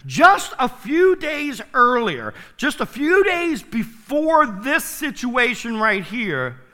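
A man preaching a sermon to his church, swinging from loud to hushed and turning playful in asides to the congregation. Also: extremely high pitch, huge pitch swings, takes it slowly, in a large hall. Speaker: pastor. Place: church sanctuary.

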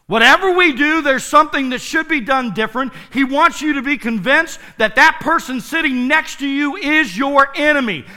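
A man preaching a sermon to his church, swinging from loud to hushed and turning playful in asides to the congregation. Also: very high-pitched, moderate pace, hardly any pauses, big-room sound. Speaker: pastor. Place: church sanctuary.

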